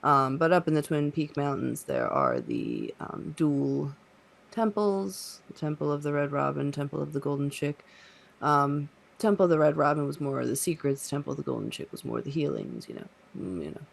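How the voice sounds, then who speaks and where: A man's voice: fairly high pitch, sing-song, moderate pace, vocal fry. A man narrating as game master of a tabletop role-playing game, hesitant and full of fillers.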